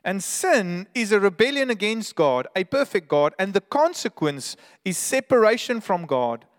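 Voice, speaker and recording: A man's voice: high-pitched, very animated, normal speed, big-room sound. A man preaching a sermon as pastor, earnest and emphatic, sometimes restarting his words.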